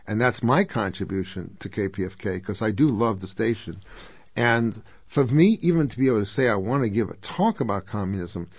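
Emphatic low-voiced man on a radio pledge drive. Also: animated, a little fast, breathy edge, no echo. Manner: emphatic, rising to loud exclamations. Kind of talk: radio fundraising appeal. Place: radio studio. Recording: dull lo-fi radio broadcast, dry.

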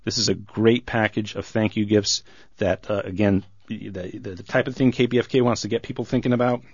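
A male radio host with a lowish voice runs a pledge drive, slowly repeating the call-in number over and over. The broadcast sound is dull and lo-fi, and very dry. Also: steady tone, slightly rough, no room sound. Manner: slow, repeats the phone number. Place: radio studio.

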